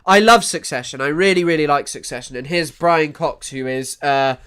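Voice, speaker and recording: A young man doing casual live-stream commentary, animated and sweary, often trailing off into mumbles. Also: on the high side, moderate pace, smooth. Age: young adult. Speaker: streamer reacting to news clips.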